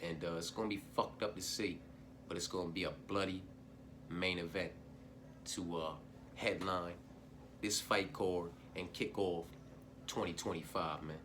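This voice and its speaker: A man hosts his own fight-picks channel in a loose, profane monologue. His voice is bright and forward, and he rambles with slang fillers and swearing. A faint hiss of background noise sits under the recording. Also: deep voice, fairly even intonation, measured pace, pauses often. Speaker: host of an MMA betting picks channel. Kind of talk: casual solo picks monologue.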